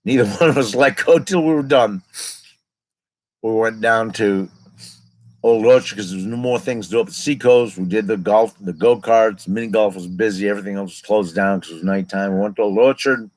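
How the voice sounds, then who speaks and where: Rambling middle-aged man, low voice. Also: brisk, a little mellow, no room sound, low-quality recording. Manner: rambling, digressive personal storytelling. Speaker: vlogger telling his own story. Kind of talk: casual spoken storytelling.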